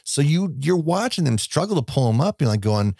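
A man's voice: a little high, sing-song, fairly quick, vocal fry, darkish tone, dry recording, clean studio sound. A man chatting about a film on a podcast, enthusiastic and rambling, swearing freely. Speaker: podcast co-host. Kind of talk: casual movie discussion.

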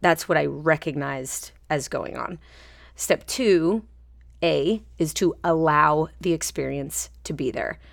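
A woman with a low, dry, close-miked voice talks through a self-compassion practice on her solo podcast. She is gentle and unhurried, dropping soft laughs and playful pictures into the reflection. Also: creaky, no echo. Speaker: podcast host.

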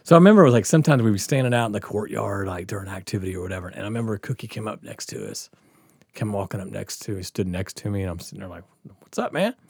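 A man's voice: fairly low pitch, rapid-fire, vocal fry, darkish tone, breathy edge, dry recording, studio quality. A man casually telling a profane, laughing story from his school days on a podcast.

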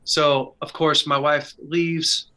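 A man's voice: fairly high pitch, level tone, slow, bright, forceful tone, clear, resonant tone. A man teaching in a casual, conversational way and sharing his own story, earnest and candid, with short bursts and restarts. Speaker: faith speaker sharing advice.

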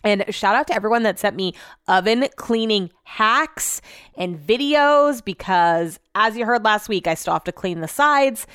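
A rambling woman hosts her own podcast on a close mic, swearing freely as she chats. She sounds sore and worn out, and her voice is dry and direct with no room around it. Her pitch sits in the middle. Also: fairly bright tone, clean tone, no echo. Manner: rambling, chatty and profane. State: sore and tired. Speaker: podcast host and radio host. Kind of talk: casual solo podcast monologue.

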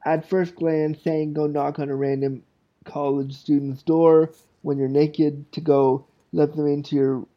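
A man in his thirties with a fairly high voice tells a story on his podcast, candid and self-deprecating, looping back over his words. The sound is muffled and lo-fi. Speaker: podcast host. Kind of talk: casual storytelling.

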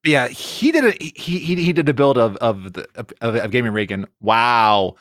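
A man's voice: mid-range voice, animated, normal speed, fairly bright tone, no echo, studio quality. A man co-hosting a casual geek news show, often stammering and repeating words. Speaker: podcast co-host.

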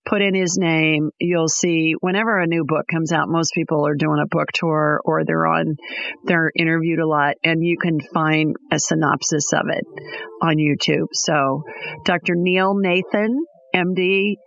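A woman hosting a call-in radio show, giving callers brisk, direct advice. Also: low-pitched, fairly even intonation, creaky, a bit bright, lo-fi sound.

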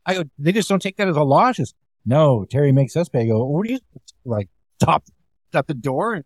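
A man's voice: on the high side, very animated, fairly quick, no echo. A comedian telling casual, rambling club stories, acting out the quoted lines as he goes. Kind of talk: casual storytelling chat.

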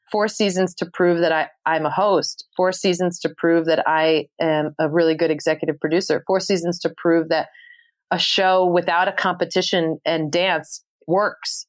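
New lady guesting on an interview, kinda low voice, candid and earnest, acts out her own thoughts. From New York City. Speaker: travel show host, guest. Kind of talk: emotional interview storytelling.

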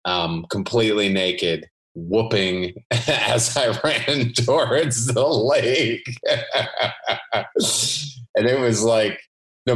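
Male actor guest, fairly low voice, laid-back storyteller who laughs easily. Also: fairly bright tone. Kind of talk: interview anecdote.

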